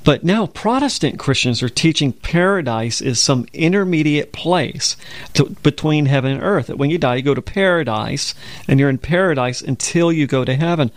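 Male Bible-program co-host, gravelly, earnest, dry studio sound. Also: fairly high pitch, animated, normal speed, no echo. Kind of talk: radio Bible discussion.

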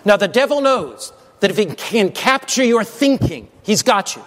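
A man's voice: high voice, big pitch swings, normal speed, fairly bright tone. A man preaching a sermon, emphatic and prompting the congregation to call back answers. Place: church sanctuary. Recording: long hall reverb.

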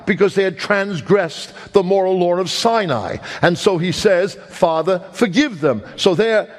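An older man from New York delivers a sermon, emphatic and deliberate. His voice sits slightly high for a man. The sound carries the long reverb of a large hall. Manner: emphatic, slow deliberate phrasing with sudden quick asides. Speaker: preacher.

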